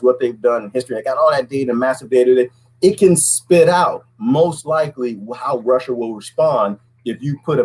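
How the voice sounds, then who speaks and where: A middle-aged man talking casually to viewers, folksy and animated, full of rhetorical questions. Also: medium pitch, breathy edge, rough recording. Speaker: podcast host.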